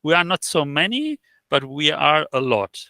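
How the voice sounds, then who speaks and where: Gravelly, bright-voiced man telling stories. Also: fairly high pitch, no room sound. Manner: halting, with many fillers and restarts; animated storyteller who acts out quoted exchanges. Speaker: interview guest. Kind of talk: casual interview chat.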